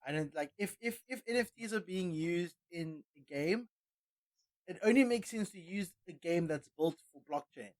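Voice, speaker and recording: A man co-hosting a podcast, animated and opinionated, often repeating words as he gets going. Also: high-pitched, moderate pace. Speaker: podcast co-host. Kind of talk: casual opinionated chat.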